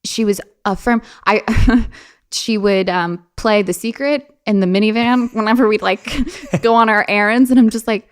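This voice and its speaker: A young adult woman speaking as a guest on an interview podcast, casually telling personal stories in an animated way, with lots of fillers and laughs. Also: medium pitch, moderate pace, smooth.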